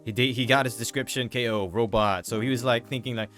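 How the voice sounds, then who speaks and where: A man hosting a podcast, retelling a story in a relaxed, rambling way with restarts. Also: mid-range voice, a little fast, soft background music. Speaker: podcast host. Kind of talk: casual podcast chat.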